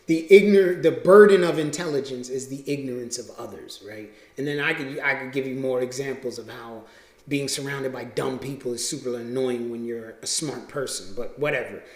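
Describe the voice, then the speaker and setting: A man talking casually in a vlog, repeating his points and tagging lines with "right?". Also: a little high. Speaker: vlogger. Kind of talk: casual monologue to camera. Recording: roomy echo.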